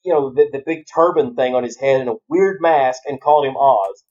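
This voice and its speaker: A man's voice: medium pitch, a little fast, darkish tone, dull audio. A man chatting casually on a podcast as a guest, rambling through stories and swearing freely. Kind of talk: casual chat.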